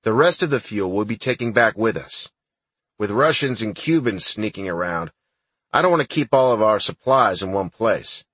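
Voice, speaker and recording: A man voicing a gruff, blunt older army sergeant in an audiobook, with a husky voice. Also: fairly low pitch, lively intonation, normal speed, fairly bright tone, dry recording.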